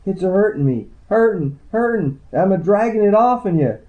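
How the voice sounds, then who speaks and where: A man's voice: sits high, lively intonation, moderate pace, pitched above the performer's own voice. A man voicing a young woman healer from the Ozark backwoods, speaking with a drawling twang and pleading breathily. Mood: fervent. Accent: put-on Ozark backwoods twang. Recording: tinny phone-like sound.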